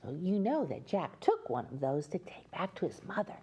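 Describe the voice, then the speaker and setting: A woman hosting a children's show, reading a fairy tale aloud in a gentle, sing-song way and speaking to young children. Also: fairly low pitch, sing-song, normal speed, a little hiss or hum.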